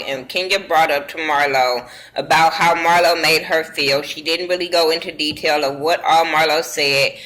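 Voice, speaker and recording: A woman's voice: on the low side, pushed and bright, rough recording. A woman casually recapping a reality show episode in slangy, profane talk, acting out what the cast said. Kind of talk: casual recap with acted-out quotes.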